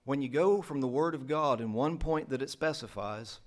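A man's voice: mid-range voice, moderate pace. A middle-aged man from the United States, preaching a sermon in an earnest, emphatic way.

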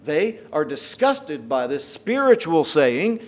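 A man preaching a sermon, retelling scripture dramatically with folksy paraphrase and getting louder on the quoted lines. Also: on the high side, very animated, slow. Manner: emphatic, rises in volume for quoted lines.

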